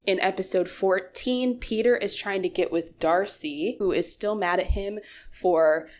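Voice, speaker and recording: A woman's voice: medium pitch, measured pace, music in the background. A young woman giving a casual, joking recap of a TV show, full of sarcastic asides. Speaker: YouTube commentator.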